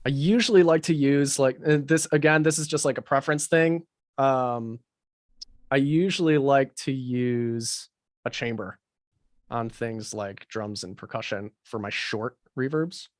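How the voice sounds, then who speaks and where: A man's voice: mid-range voice, measured pace, dry recording, clean studio sound. Casual man talking through a mix. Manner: casual, thinking aloud with many fillers. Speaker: mixing engineer teaching a livestream. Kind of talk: live mixing tutorial. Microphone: video call.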